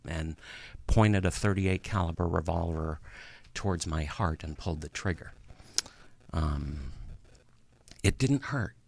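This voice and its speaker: A man around fifty, a guest in an interview, telling a personal story in a halting way, with pauses and restarts, and audibly emotional. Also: sits low, creaky, no room sound. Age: about 50.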